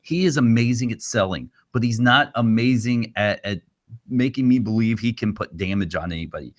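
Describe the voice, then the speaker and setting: A man's voice: on the low side, normal speed. A man co-hosting a casual wrestling podcast, giving blunt, critical opinions. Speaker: podcast co-host.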